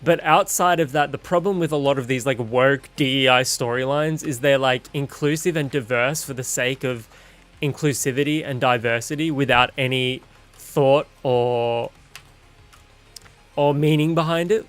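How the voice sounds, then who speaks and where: A man's voice: mid-range voice, normal speed, a bit bright. A man streaming a game and giving blunt, profane, opinionated commentary in a casual chat. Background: game music.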